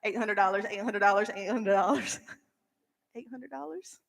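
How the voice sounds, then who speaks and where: A woman auctioneer calling bids at a charity auction in quick, repetitive, playful rounds. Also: medium pitch, gravelly. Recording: reverberant event hall.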